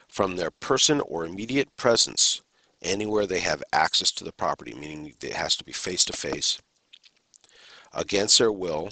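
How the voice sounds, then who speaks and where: A man with a fairly low voice and a sharp, forceful tone delivers a criminal justice lecture. He speaks in a measured, deliberate way and pauses between phrases. The recording is close and dry, with no room sound. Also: husky, no room sound.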